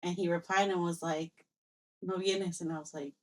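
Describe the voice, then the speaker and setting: A young woman co-hosting a podcast, telling a personal story in a casual, animated way and acting out both sides of past conversations. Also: lowish voice, fast talker. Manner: animated storyteller, acts out quoted exchanges, mixes in Spanish phrases. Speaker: podcast co-host.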